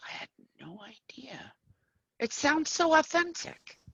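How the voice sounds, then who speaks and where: A woman reading a husky, calm therapist. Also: mid-range voice, no echo. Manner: measured and soothing. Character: calm, patient male therapist. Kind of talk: live play reading. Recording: dull, dry sound.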